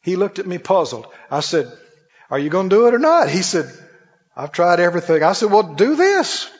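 A man's voice: high voice, very animated, a little fast, big-room sound, muffled recording. A man preaching a sermon, telling a story and acting out both sides of the dialogue, building to emphatic peaks. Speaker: pastor. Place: church sanctuary. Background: congregation calling out amens.

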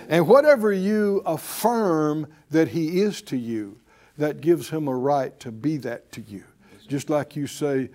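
A man's voice: on the high side, moderate pace, warm tone. A man preaching a sermon, emphatic and repetitive, leading his congregation in spoken affirmations. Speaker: preacher and Bible teacher. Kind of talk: sermon with call-and-response.

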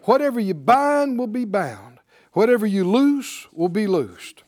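A man preaching a sermon in a high voice. His pitch leaps and swoops as he acts out little scenes. He calls out to the congregation and waits for them to answer. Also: measured pace. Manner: animated storytelling, acting out dialogue; call-and-response with congregation.

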